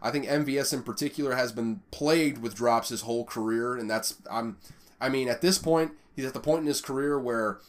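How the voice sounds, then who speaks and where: A man's voice: medium pitch, a little fast. A man hosting a solo football podcast, talking energetically with frequent fillers, stumbles and asides. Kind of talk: solo sports analysis talk.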